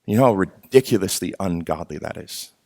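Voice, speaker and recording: A pastor preaching a sermon with emphatic, earnest delivery, repeating phrases to drive points home. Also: male voice, deep voice, expressive, brisk, a little mellow, dry recording, studio quality.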